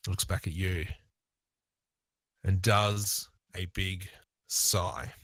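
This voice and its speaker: A man with an Australian accent narrating a tabletop game as game master, relaxed and thinking aloud. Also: low voice, very slow, dry recording.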